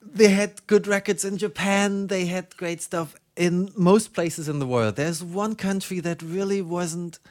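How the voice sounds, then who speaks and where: A man's voice: sits high, unhurried, few pauses. German guy rambling about records, heavy german accent, lots of ums and restarts. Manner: rambling, self-deprecating, many fillers and restarts. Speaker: radio show host. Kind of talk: casual chat.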